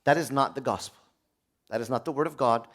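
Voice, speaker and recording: A man, a priest, preaching a sermon in a conversational way, asking the audience questions and swinging from hushed prayer to loud exclamation. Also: medium pitch, fairly quick.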